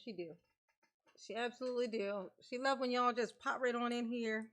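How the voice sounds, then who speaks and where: A woman's voice: on the high side, fairly bright tone. A woman vlogger in casual chat, playfully mocking and laughing, calling herself Mama. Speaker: commentary channel host.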